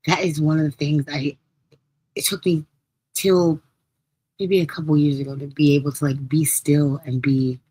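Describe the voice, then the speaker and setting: A woman hosts her live podcast in a low, slightly hoarse voice. She chats casually and laughs as she tells stories with playful quoted asides. The close mic gives a dry sound with no room echo. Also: little pitch movement, moderate pace, long pauses, warm tone. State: hoarse, recovering voice. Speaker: podcast host. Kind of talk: casual live-stream chat.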